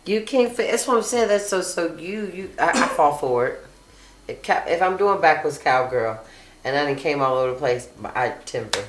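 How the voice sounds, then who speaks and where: A woman with a low, expressive voice hosts a casual chat show at a moderate pace, reading live comments aloud. She talks bluntly, swears a lot, and laughs often. The echoey room carries slight background noise.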